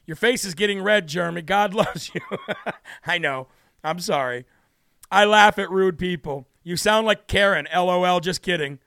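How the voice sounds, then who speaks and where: A man's voice: sits high, moderate pace, vocal fry, fairly bright tone, clear, resonant tone, no echo. A man hosting a political talk show, ranting in a brash, sarcastic and indignant way. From United States. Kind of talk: ranting livestream commentary.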